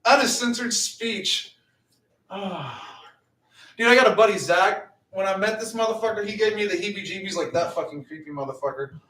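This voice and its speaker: A middle-aged man with a drawl talks on his livestream, cursing freely and rambling through stories. His voice sits high for a man. He is heard from back off the mic, in a room with noticeable echo. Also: lively intonation, normal speed, pushed and bright, recorded from a distance. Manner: profane, rambling storyteller. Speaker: livestream host. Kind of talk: casual livestream chat. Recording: roomy, off-mic.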